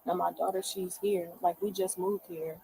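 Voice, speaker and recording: A woman's voice: on the low side, level tone, gravelly, mellow, rough recording. Rambling woman recounting to police. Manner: rambling, halting, many fillers. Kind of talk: distressed firsthand account. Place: indoors at a home.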